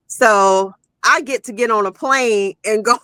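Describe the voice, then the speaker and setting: A woman's voice: on the high side, a little slow, pushed and bright, no echo. A woman guest talking casually about her work, rambling with lots of "you know" and "like". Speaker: guest, magazine owner. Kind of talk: casual chat.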